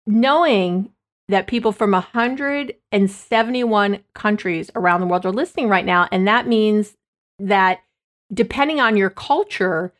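Chatty woman hosting a podcast. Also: mid-range voice. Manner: chatty, enthusiastic, self-interrupting. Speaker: podcast host. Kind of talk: solo podcast talk. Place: United States.

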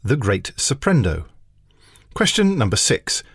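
A man's voice: mid-range voice, wildly swooping pitch, measured pace, breathy edge. A man co-hosting a comedy quiz podcast, trading dry, playful banter and reading out general knowledge questions. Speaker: podcast co-host, quizmaster.

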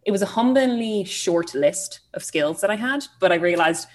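An Irish woman in her twenties chats casually as a podcast guest, self-deprecating and full of fillers. Her medium-pitched voice is expressive, at normal speed.

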